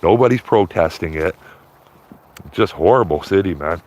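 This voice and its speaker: Rambling livestreamer, low-pitched man, loose casual talk outdoors by a river, tags lines with "man". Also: animated, normal speed, darkish tone. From Canada. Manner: rambling, repeats himself, tags phrases with "man". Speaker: livestreaming auditor.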